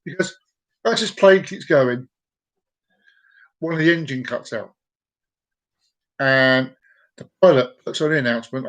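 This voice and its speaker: A man hosting a comedic live show, telling a long joke in a playful, drawn-out, sing-song way. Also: medium pitch. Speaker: show host.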